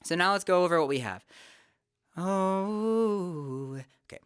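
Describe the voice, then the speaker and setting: A young adult vocal teacher, calmly explaining singing technique step by step in a casual lesson. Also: mid-range voice, racing, smooth, no room sound, clean studio sound. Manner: relaxed, explanatory, talks through technique step by step.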